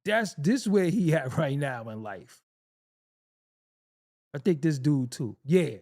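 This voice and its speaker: A man's voice: a little high, animated, slow, a little mellow. A man hosting a casual reaction video, joking, laughing often and swearing freely as he comments on clips.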